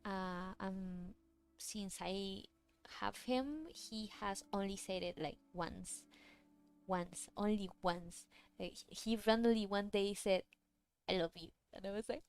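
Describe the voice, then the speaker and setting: A VTuber artist streams herself drawing and chats casually, rambling along with lots of fillers and restarts. Her voice is mid-range and smooth, her pace slow, and the recording dry.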